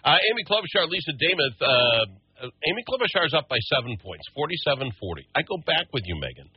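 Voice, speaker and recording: A man hosting a casual political talk show, opinionated and animated, often restarting his sentences. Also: fairly high pitch, a little fast, slightly rough, no room sound, highs cut off.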